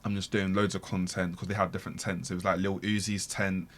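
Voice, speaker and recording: A man, a podcast guest telling a story in lively slang and repeating words for emphasis. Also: low-pitched, fairly quick, noisy background. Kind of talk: casual storytelling.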